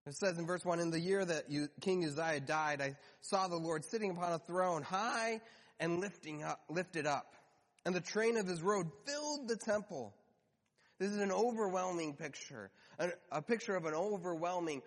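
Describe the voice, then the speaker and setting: A man preaching a sermon in an animated, conversational way, slowing down to stress key words. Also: sits high. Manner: animated, conversational, slows for emphasis. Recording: hall reverb.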